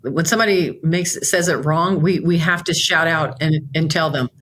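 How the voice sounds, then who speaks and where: A woman's voice: low voice, normal speed, a bit bright. A middle-aged woman from Nevada, a senator speaking in a political interview in an earnest way, often repeating words as she looks for the phrasing.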